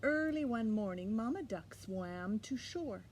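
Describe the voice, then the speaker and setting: Woman storyteller for children; slow, animated read-aloud, slightly high voice. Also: a little hiss or hum. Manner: expressive, slow and animated, with asides to the listener. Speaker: children's librarian.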